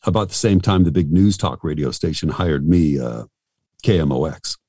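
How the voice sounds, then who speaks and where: A middle-aged man with a very low voice tells stories in a relaxed interview. His delivery swings up and down with lively pitch, and he rambles through his stories with a self-deprecating streak. The recording is dry and close to the mic. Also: moderate pace, no room sound. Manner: rambling, chatty, self-deprecating with many restarts. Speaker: radio host and voice actor. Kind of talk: casual interview storytelling.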